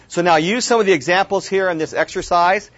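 A man's voice: high voice, fairly quick, fairly bright tone. A man teaching a Bible study class, talking casually and restarting words as he goes. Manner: repeats words as he restarts, casual asides to the group. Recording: dull lo-fi room recording.

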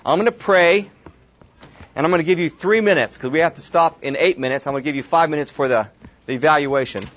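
This man's voice sits fairly high and a bit bright, and he talks at a quick clip. He's leading a Bible study class in a casual way, restarting and repeating words as he goes and tossing offhand asides to the group. The audio is a dull, lo-fi room recording.

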